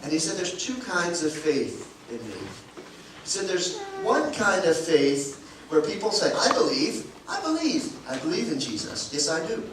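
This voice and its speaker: A man with a fairly high voice gives a children's sermon in a church, playful and asking the kids questions as he shows his props. He sits far from the mic, so his voice rings through a very echoey sanctuary. Clear room noise hums underneath. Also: very animated, a little slow. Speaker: pastor.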